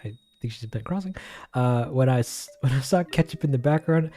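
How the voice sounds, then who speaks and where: A man's voice: mid-range voice, expressive, normal speed, mellow. A man chatting casually on a livestream to his viewers, rambling, giggling and poking fun at himself as he answers comments. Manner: rambling, giggly, self-deprecating.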